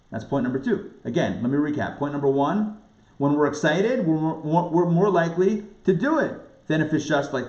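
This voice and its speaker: A man, a rabbi, giving a lively lecture, asking rhetorical questions and acting out quoted voices. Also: sits high. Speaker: rabbi teaching a class. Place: recorded live class. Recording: roomy, dull lo-fi sound.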